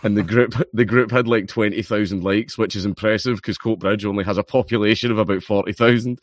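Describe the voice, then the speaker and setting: A Scottish man in his thirties with a lowish voice tells anecdotes, swearing freely. The sound is dry and close. He talks in a loose, casual way. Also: steady tone, a little fast, no room sound. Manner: swearing storyteller. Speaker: podcast guest. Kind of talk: casual chat.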